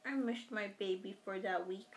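A young woman vlogging casually to camera, playful and animated, slipping into baby talk with her dog. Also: medium pitch, moderate pace.

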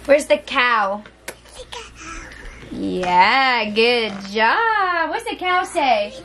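A woman's voice: a little high, animated, very slow, sharp tone. A mother and family vlogger talking to her toddlers in patient, coaxing baby talk, praising them at home. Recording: noisy home video audio.

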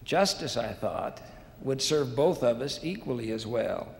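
A man's voice: medium pitch, animated, a little slow, creaky. A man voicing a desperate male debtor who pleads for mercy, heard in a large echoing hall. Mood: pleading. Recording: long hall reverb, faint noise.

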